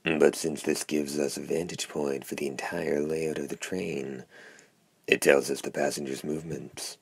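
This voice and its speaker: A man reading the lines of a hoarse, wry, sardonic talking hand symbiote in an audiobook. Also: rumbling low, level tone, a little slow, no room sound, exaggerated voice. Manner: wry, drawling.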